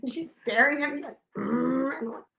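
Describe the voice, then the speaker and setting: A young woman telling a personal story in an animated way, acting out the scenes with sudden drops and bursts of volume. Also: sits high, rapid-fire. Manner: dramatic, acts out scenes with shifts in volume. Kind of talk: animated anecdote. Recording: echoey room.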